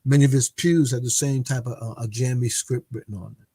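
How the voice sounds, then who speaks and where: A man giving a religious history lecture, hesitant, with many filler pauses and restarts. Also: medium pitch, steady tone, mellow, husky, dry recording.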